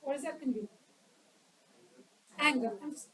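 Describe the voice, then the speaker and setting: A woman's voice: high voice, expressive, brisk, far from the mic, poor audio. A woman giving an educational talk on public speaking at a club meeting, quizzing the audience and acting out examples.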